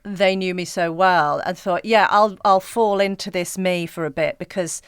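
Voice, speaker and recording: A woman's voice: on the low side, moderate pace, smooth, no room sound, clean studio sound. A woman hosting a podcast, talking reflectively and sympathetically, with hesitant restarts. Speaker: podcast host. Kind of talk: casual interview chat.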